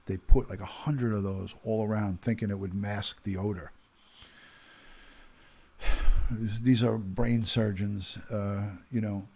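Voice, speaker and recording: Man, fifties, husky voice, low-pitched, retired detective, casual livestream host, chatty with fillers. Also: steady tone, takes it slowly, pauses often, dark tone. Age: 50s. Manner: chatty, greets viewers by name, many ums and uhs.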